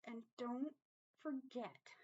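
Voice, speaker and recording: A fairly high-voiced woman talks through a tarot reading, earnest and open with her feelings. She keeps checking in with "okay?" and swears without fuss. The recording sounds dull and lo-fi. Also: extremely slow, a little mellow, slightly rough. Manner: earnest, emotional, repeats "okay?", swears casually. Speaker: tarot reader. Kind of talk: casual tarot reading to viewers.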